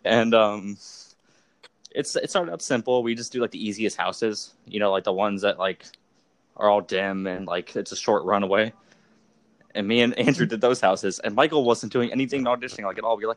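A man's voice: fairly low pitch, brisk, dry recording. A young man hosting a casual podcast, telling stories animatedly with frequent laughter. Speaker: podcast host. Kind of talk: casual storytelling chat.

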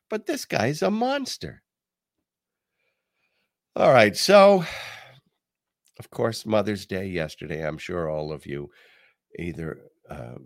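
An older man hosting a talk podcast, telling stories and reading quotes in a casual, animated way. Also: sits low, vocal fry, no echo, studio quality. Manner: animated, reads quotes aloud, pauses with ums. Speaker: podcast host. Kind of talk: casual commentary and storytelling.

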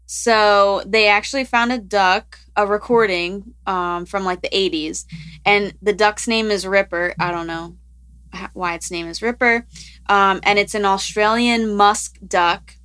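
Bright-voiced woman podcast host. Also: medium pitch, steady tone, unhurried, smooth. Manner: chatty, rambling, laughs often. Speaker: podcast co-host presenting science news. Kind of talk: casual podcast chat.

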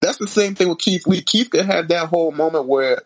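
A man talking casually about wrestling with friends, animated and full of slang, sometimes dropping low for emphasis. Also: fairly quick, low-quality recording. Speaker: wrestling podcast co-host. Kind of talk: casual chat.

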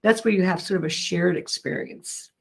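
A woman's voice: lowish voice, moderate pace, vocal fry, husky. A middle-aged woman, a mediator and interview guest, explaining earnestly with frequent fillers and restarts. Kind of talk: interview answers.

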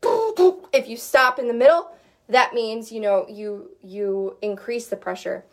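A woman's voice: fairly high pitch, measured pace. A woman vocal coach teaching in a casual, chatty way, with lots of fillers and short sung demo notes.

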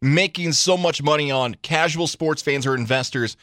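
A man co-hosting a sports radio show, talking in a playful, lively way as he quizzes his partner. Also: on the high side, normal speed, dry recording, clean studio sound. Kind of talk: casual sports radio talk. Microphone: studio microphone.

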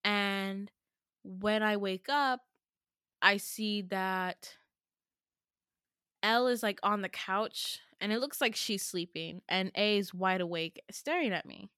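A young woman tells a dream story on her podcast, her voice lively and quick to jump up when she acts out the lines. She swears freely and talks straight into a close mic. The sound is dry, with no room in it. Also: medium pitch, clear, resonant tone, no echo. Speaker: podcast host. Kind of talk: casual storytelling monologue.

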